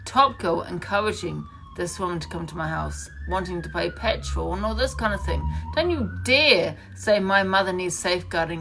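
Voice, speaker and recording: Woman, furious live-stream rant, swears, repeats herself, raspy fry, sharp tone. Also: fairly low pitch, moderate pace, few pauses, a little hiss or hum. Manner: angry, swearing, repeating accusations.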